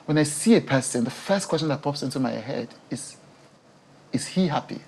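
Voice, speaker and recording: Brief: woman, TV talk show host from Nigeria, guest in a studio interview, animated, emotional, quick to laugh. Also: deep voice, slight background noise.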